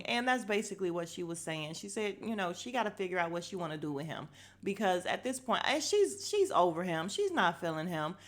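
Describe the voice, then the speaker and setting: This podcast host has a medium-pitched, expressive voice and speaks at normal speed. She goes through a reality show recap with blunt opinions and free swearing, getting heated when something rubs her the wrong way.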